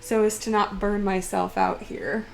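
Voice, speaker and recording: A woman's voice: medium pitch, level tone, unhurried, vocal fry, soft background music. Giggly young woman chatting while drawing. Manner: chatty and giggly, laughs often. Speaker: streamer. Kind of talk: casual chat while drawing on stream.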